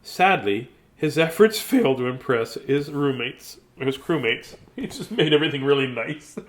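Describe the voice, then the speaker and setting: A chatty man reading a picture book aloud, laughing often and wandering off into asides. His pitch moves in a lively way from line to line. The voice sits in a middle register. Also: normal speed, a little hiss or hum. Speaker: children's book reader. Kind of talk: casual storybook reading.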